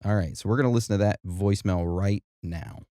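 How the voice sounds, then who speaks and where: A man with a very low, mellow voice hosts a podcast, joking and chatting at ease. He is from Brooklyn. The sound is close and dry. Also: a little fast, no room sound. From Brooklyn, New York. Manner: relaxed, joking. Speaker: podcast host. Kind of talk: casual podcast chat.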